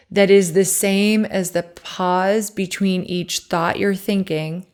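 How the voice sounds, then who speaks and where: A woman podcast host and life coach leading a guided breathing meditation, calm and counting breaths aloud. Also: lowish voice.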